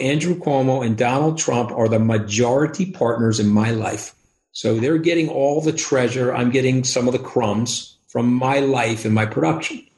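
A man, speaking as an interview guest in an emphatic, rapid, over-caffeinated way. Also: medium pitch, darkish tone, roomy sound. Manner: rapid, emphatic, acts out quoted voices. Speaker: podcast guest. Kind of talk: animated interview talk.

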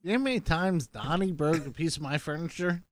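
A man's voice: a little high, a little fast. A man co-hosting a casual podcast, throwing in wisecracks and profane asides. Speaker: podcast co-host.

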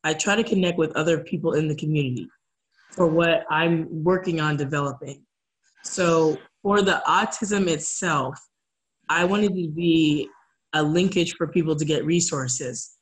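A woman's voice: low voice, measured pace, low-quality recording. A woman guest speaking earnestly in a casual interview, acting out the voices of people she quotes. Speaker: guest, community advocate.

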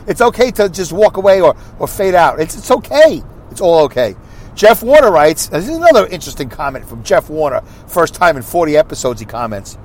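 A man hosting his own podcast, reading listener comments aloud in a rambling, animated way with mocking asides. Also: fairly high pitch, brisk. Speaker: podcast host.

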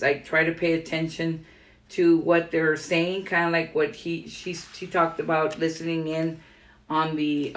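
A woman podcast host reading aloud from a book on writing, breaking off for loose conversational comments. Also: low-pitched. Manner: reads steadily, then adds loose conversational comments. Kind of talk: reading a writing guide aloud with casual asides.

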